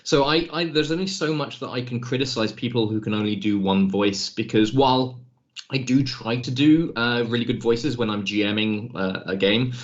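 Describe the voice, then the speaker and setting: A man's voice: medium pitch, moderate pace. A man as a podcast guest, talking through his writing work in a thoughtful, self-deprecating way. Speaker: podcast guest, game writer. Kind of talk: casual interview chat. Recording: muffled lo-fi audio.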